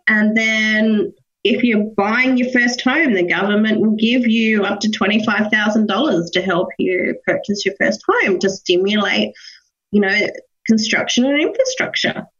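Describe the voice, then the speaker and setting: An Australian woman speaks at a mid-range pitch in an easygoing, explanatory way. She laughs readily as she talks. The audio sounds muffled and lo-fi. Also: expressive, measured pace, fairly bright tone. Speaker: guest HR professional. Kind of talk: casual interview talk.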